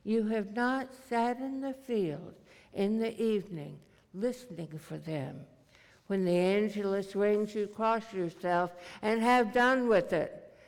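A preacher speaking as a devout young peasant woman answers slowly and earnestly, sure of what she hears. The delivery stays unhurried over a gravelly fry. Long reverb hangs in the church hall around it. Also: mid-range voice.

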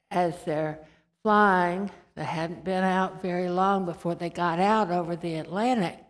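A woman preacher giving a sermon with gentle storytelling and slow scripture reading. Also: lowish voice. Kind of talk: sermon with anecdotes. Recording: reverberant hall.

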